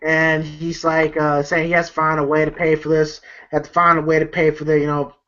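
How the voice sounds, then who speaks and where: A man's voice: fairly high pitch, monotone, fairly quick, a bit bright. Brief: man rambling through a movie recap, swearing a lot, lo-fi sound. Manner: rambling, profane, lots of fillers. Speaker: movie reviewer. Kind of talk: casual movie review vlog. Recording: dull lo-fi recording.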